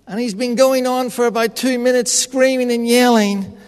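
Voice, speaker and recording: A man's voice: extremely high pitch, fairly even intonation, moderate pace, clean tone. A man preaching a sermon in an earnest, personal storytelling manner. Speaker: pastor. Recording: echoey hall reverb.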